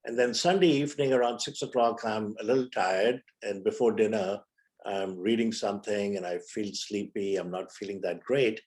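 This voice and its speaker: A man's voice: fairly low pitch, fairly even intonation, normal speed, a little mellow. A man in his seventies from India, a physician and guest on an interview, telling stories and acting out the dialogue. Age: 70s. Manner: vivid storyteller who acts out quoted dialogue. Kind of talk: storytelling in a conversational interview.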